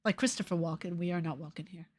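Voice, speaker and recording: A woman's voice: lowish voice, quick pace, dry recording. Chatty New York woman streamer. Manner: rambling, swears freely, laughs often. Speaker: YouTuber reading live chat. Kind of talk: casual livestream chat.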